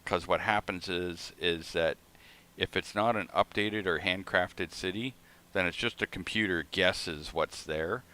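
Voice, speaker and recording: Deep-voiced man ranting casually. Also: a little slow. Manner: profane, rambling, animated storytelling. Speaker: streamer. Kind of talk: casual gaming stream chat.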